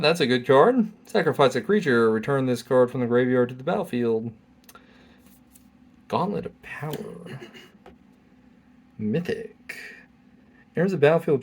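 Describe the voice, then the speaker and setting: A man's voice: medium pitch, animated, moderate pace, long pauses. A man hosting a casual card-opening video, reading card text aloud and dropping wry jokes between pulls. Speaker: channel host.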